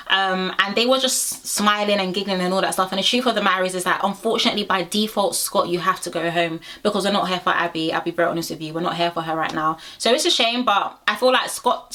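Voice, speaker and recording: A young woman talks casually and bluntly to her viewers, reviewing a reality show episode. Her voice is bright and forceful, sitting in a middle register for a woman. She chats in a direct, conversational way. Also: mid-range voice. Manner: chatty, frank, addresses viewers directly. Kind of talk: casual reaction chat.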